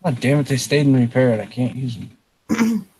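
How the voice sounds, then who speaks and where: A man's voice: medium pitch, big pitch swings, a little fast, noisy background. A man reacting to his game as he plays, frustrated and running commentary. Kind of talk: playing a game while chatting.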